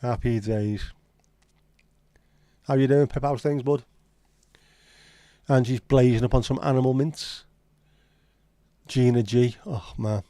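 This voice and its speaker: A man's voice: mid-range voice, steady tone, slow, pauses often, dark tone, no echo, studio quality. A man with a Scouse accent hosting a livestream, chatting casually and answering viewers in blunt, sweary banter. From Liverpool, England. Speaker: livestream host. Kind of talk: casual chat reading live comments.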